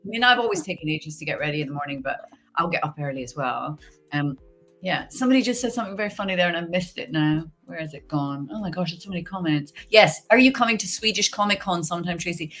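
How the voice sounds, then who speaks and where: A woman's voice: lowish voice, lively intonation, fast, fairly bright tone, soft background music. A middle-aged woman voice actor chatting casually on a livestream, rambling and laughing often. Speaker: guest voice actor.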